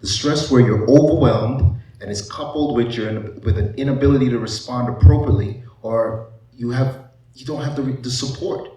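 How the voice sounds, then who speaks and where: A man's voice: medium pitch, normal speed, warm tone, far from the mic. A man, a psychiatrist, giving a conversational panel presentation to a live audience, posing rhetorical questions. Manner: conversational, asks rhetorical questions, frequent "you know". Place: large echoey event room. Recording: echoey hall, voice off-mic.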